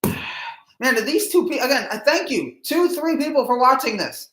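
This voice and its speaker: A man's voice: very high-pitched, animated, normal speed, pushed and bright, reverberant. Anxious sighing male sports fan. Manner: anxious, pleading, heavy sighs. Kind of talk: live game reaction stream.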